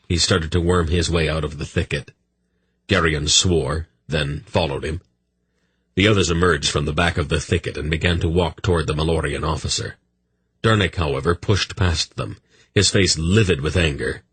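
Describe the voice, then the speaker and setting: Low, husky male audiobook narrator. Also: steady tone, normal speed, a bit bright, dry recording.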